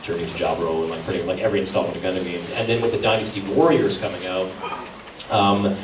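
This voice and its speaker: Man, voice actor panel talk, chatty, self-deprecating, slightly low, distant, echoey hall. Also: fairly even intonation, quick pace. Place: large convention hall. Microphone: audience camera from a distance. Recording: echoey hall from far off, background noise.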